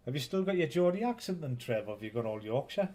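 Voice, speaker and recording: A man's voice: mid-range voice, very animated, quick pace, a little mellow. A man with a Northeast English accent, hosting a casual live stream and bantering with viewers in a rambling, teasing way. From Northeast England.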